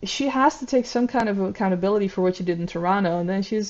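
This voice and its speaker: A woman commentating on a video, talking in a measured, reflective way with frequent ums and uhs. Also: medium pitch, a little mellow, muffled recording. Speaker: YouTube commentator. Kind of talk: analytical commentary.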